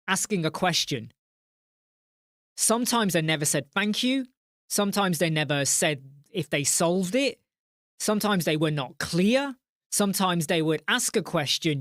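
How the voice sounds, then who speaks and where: A man's voice: sits high, dry recording, studio quality. Ranting man hosting a live chat. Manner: passionate, ranting, swears. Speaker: host.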